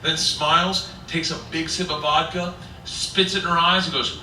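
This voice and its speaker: A man telling a stand-up story loudly and excitably, often laughing at his own lines. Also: on the high side, moderate pace. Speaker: stand-up comedian. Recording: echoey distant playback with noise.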